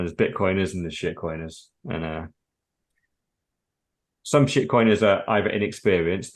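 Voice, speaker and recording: A man with a low voice chatting on a podcast. He talks bluntly, swears freely and acts out little scenes as he tells his stories. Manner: blunt, sweary, animated storytelling. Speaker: podcast co-host. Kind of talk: casual podcast chat.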